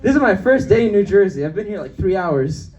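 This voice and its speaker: A man's voice: high-pitched, very animated, a little fast, a little mellow, recorded from a distance, muffled recording. A young man doing a stand-up comedy set in a club. He talks in a brash way and jumps between voices to act out the people in his stories. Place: comedy club with live audience.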